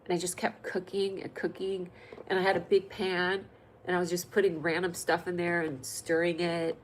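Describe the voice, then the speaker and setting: Reading viewers' comments on her comedy livestream, a host from California keeps things jokey and playful, sometimes turning lively and loud. She speaks at normal speed in a lowish voice over a low-quality recording with a little hiss or hum.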